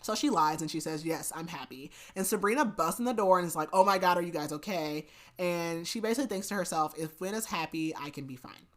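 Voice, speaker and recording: A woman's voice: lowish voice, a little fast, few pauses. Chatty woman recapping a book. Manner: chatty retelling, heavy use of "like" and "basically"; laughs and adds asides. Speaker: podcast host.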